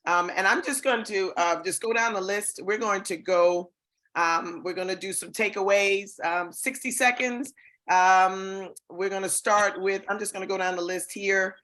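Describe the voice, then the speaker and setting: A woman's voice: mid-range voice, steady tone, moderate pace, fairly bright tone. A woman hosting an online awards show, enthusiastic and chatty, with many fillers. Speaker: host.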